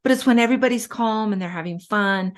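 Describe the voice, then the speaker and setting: A woman's voice: mid-range voice, quick pace. A middle-aged woman speaking as a guest in a casual interview, chatty and storytelling with frequent fillers. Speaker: guest, respiratory therapist.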